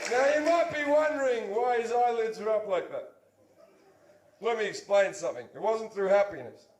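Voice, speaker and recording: A man in his thirties doing crude, swearing stand-up storytelling on stage, bursting into loud stretches. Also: high-pitched, a little hiss or hum. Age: 30s. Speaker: stand-up comedian. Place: comedy stage before an audience. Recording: echoey stage recording.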